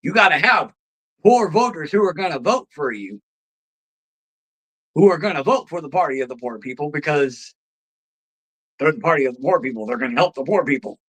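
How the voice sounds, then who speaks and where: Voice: medium pitch, lively intonation, a little fast, pauses often, low-quality recording. A host ranting about politics, heated and profane, firing off sarcastic rhetorical questions.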